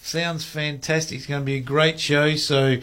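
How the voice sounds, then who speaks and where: A man's voice: on the high side, flat delivery, moderate pace, fairly bright tone, a little hiss or hum. A man hosting a casual radio chat. He tells anecdotes and laughs at his own stories. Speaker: radio host.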